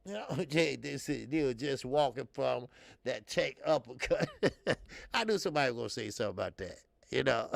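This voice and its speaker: Gravelly-voiced man hosting a casual boxing stream. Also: fairly high pitch, no room sound. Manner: loose and chatty, shouts out viewers, many fillers. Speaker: boxing livestream host. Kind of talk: casual live-stream chat.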